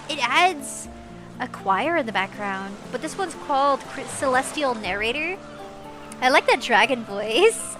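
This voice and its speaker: A woman livestreaming from home on a desk mic, chatting casually with viewers in a bubbly, giggly way, with a high, squeaky voice. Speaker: VTuber livestreamer. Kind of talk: casual stream chat. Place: home streaming setup. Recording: music playing behind.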